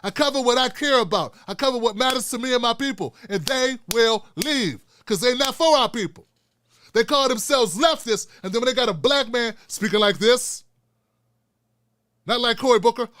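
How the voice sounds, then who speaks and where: Blunt, high-pitched man. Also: animated, moderate pace, a bit bright, no room sound. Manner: blunt, emphatic and profane, with heavy repetition. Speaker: show host. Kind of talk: impassioned solo commentary.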